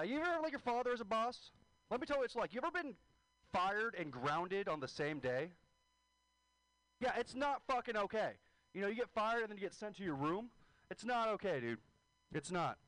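Male comic with a high-pitched voice, crude, self-mocking jokes delivered straight. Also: fairly bright tone, no room sound, low-quality recording. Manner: profane, self-deprecating. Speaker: stand-up comedian. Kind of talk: stand-up comedy set.

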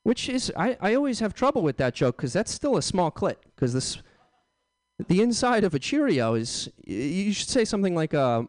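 A young man doing a stand-up comedy set on a club stage, bantering loudly with the crowd and breaking into sudden yelps. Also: high-pitched, big pitch swings, normal speed, no room sound. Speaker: stand-up comic.

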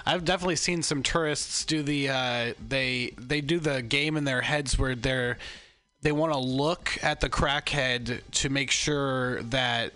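Rambling bright-voiced man comedian. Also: medium pitch, a little slow. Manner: rambling, hesitant, many ums and likes, deadpan anecdotes. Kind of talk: casual chat.

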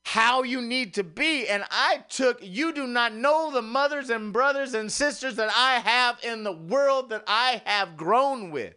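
A man with a very high, bright and sharp voice, hosting a radio talk show. He preaches in a fervent revival manner, dropping to soft murmurs and swelling back up. He sounds a little winded from the passion of it. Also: measured pace, hardly any pauses, smooth. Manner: swings from hushed murmurs to rising revival-preacher exclamations. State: out of breath. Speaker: radio host. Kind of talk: impassioned preacher-style monologue.

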